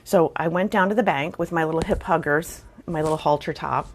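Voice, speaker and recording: A woman's voice: deep voice, brisk, a little hiss or hum. A middle-aged woman telling a funny personal story in a casual, wry, self-deprecating way, with chatty fillers. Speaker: storyteller vlogger.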